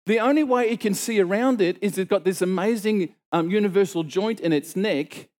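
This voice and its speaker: A middle-aged man preaching, telling a story and acting out the dialogue with sudden exclaimed lines. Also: moderate pace. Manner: animated, acts out dialogue with sudden high exclamations. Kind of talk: storytelling sermon.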